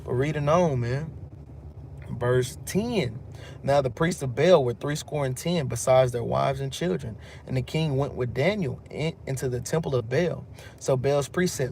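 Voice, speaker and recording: A man's voice: mid-range voice, normal speed, gravelly, darkish tone, a little hiss or hum. A man with a Texan accent teaching from scripture, reading verses aloud and then retelling them in loose street slang. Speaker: teacher of a religious group. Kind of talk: bible teaching with casual commentary.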